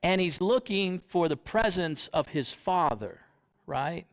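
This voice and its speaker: A man's voice: high-pitched, expressive, slow pace. A young man preaching a sermon in church, conversational, often asking the congregation questions.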